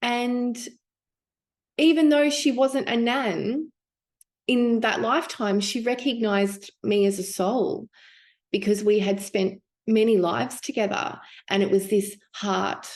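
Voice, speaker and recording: Slow-talking woman teaching. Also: on the high side, fairly even intonation, a little mellow. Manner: slow, musing, with many fillers and restarts. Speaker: spiritual teacher. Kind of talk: casual spoken teaching.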